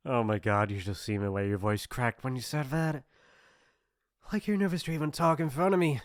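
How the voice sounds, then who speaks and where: A man's voice: mid-range voice, brisk, no echo, studio quality, natural voice. A man voicing a mean, teasing popular bully in an ASMR role-play, mocking and laughing often. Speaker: voice actor.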